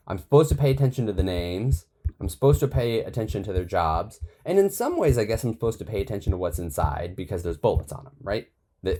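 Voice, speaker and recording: Low-voiced man teaching casually. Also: dark tone. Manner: conversational, thinking aloud with frequent restarts. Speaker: copywriting course instructor. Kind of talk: casual screen-share tutorial.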